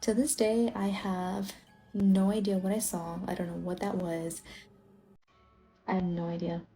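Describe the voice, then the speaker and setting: A woman's voice: mid-range voice, flat delivery, measured pace, warm tone, soft background music. A young adult woman from Illinois telling a personal ghost story in a casual, rambling way, full of filler words.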